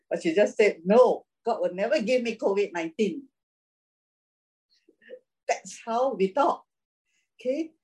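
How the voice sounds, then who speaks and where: A woman preaching a sermon, reading scripture and then talking about it in an animated way, laughing often. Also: mid-range voice, husky, poor audio.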